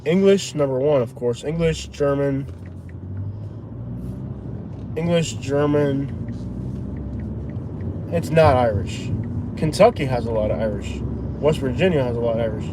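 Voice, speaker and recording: A man's voice: medium pitch, unhurried, long pauses. A man hosting a live stream, chatting casually and arguing his point insistently from inside a car. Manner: argumentative, insistent. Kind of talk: casual chat. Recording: road noise in a car.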